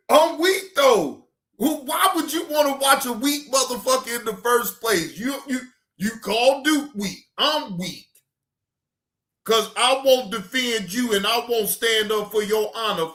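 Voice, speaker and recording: A man with a very high, bright voice rants slowly and angrily, swearing and often breaking into shouts. He sounds like a reaction channel host venting his commentary. The recording is echoey and roomy. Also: expressive. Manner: heated, profane, often shouting. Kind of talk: ranting commentary.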